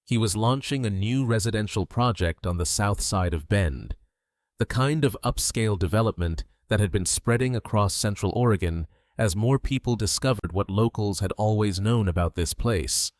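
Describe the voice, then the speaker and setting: An older man narrating a first-person story in a slow, steady, measured way. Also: fairly low pitch, dry recording, clean studio sound.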